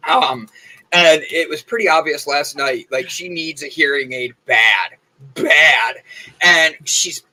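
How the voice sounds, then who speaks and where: A man's voice: fairly high pitch, expressive, slow pace, bright, forceful tone, rough recording. A young man co-hosting a casual morning show, telling stories in a chatty way with lots of fillers. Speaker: co-host.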